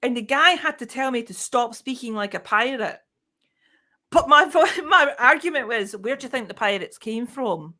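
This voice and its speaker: A woman's voice: on the high side, expressive, normal speed, bright, forceful tone. A woman from Scotland with a Scottish accent, chatting casually on a live stream, telling side stories.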